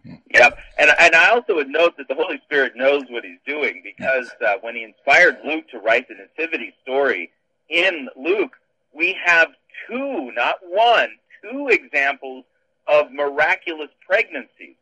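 A man's voice: fairly high pitch, big pitch swings, moderate pace, sharp tone, dry recording, low-quality recording. A man, a pastor, explaining scripture in a casual discussion with wry, dry humor.

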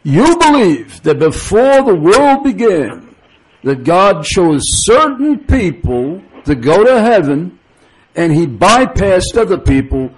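A man's voice: high voice, sing-song, takes it slowly, husky, voice pushed up, full character voice, rough recording. A man voicing an elderly Jewish man with a thick Brooklyn accent, asking blunt, incredulous questions.

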